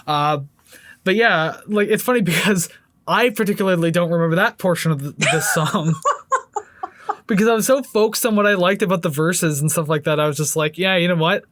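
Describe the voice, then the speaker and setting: A man's voice: high-pitched, fairly quick, a bit bright, no echo, studio quality. A man co-hosting a casual music review podcast, rambling and laughing often with frequent restarts. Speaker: podcast co-host.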